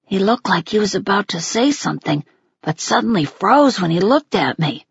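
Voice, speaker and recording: A woman narrating a first-person audiobook in a gentle, unhurried way. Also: medium pitch, very animated, vocal fry, husky, no echo, lo-fi sound.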